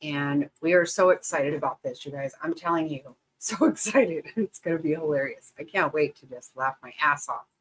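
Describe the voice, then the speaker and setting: A woman hosting a casual livestream, greeting her viewers by name in a bubbly, excitable way and laughing often. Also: low-pitched, moderate pace, hardly any pauses, breathy edge, rough recording. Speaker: livestream host.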